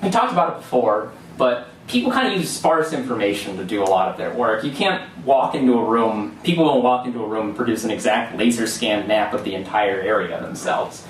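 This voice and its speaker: A man's voice: lowish voice, animated, brisk, few pauses, slight background noise. A young man giving a classroom presentation, explaining step by step in a loose way with fillers and restarts. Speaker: student presenter. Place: lecture hall. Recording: echoey room from far off.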